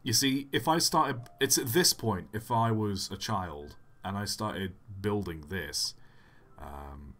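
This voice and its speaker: A man's voice: fairly low pitch, takes it slowly, fairly bright tone. A British man rambling through live gaming commentary as a streamer, with self-mocking chat. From Britain.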